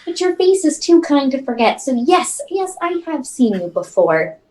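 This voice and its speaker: A woman's voice: high voice, big pitch swings, moderate pace, warm tone, poor audio. A woman playing a tabletop role-playing game, friendly and rambling, often talking in character. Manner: friendly and rambling, with many restarts. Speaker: player.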